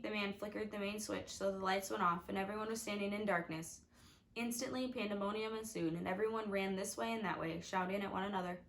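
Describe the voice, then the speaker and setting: A woman's voice: mid-range voice, vocal fry, poor audio. A woman narrating a storybook with wry, confiding asides to the reader. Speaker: audiobook reader.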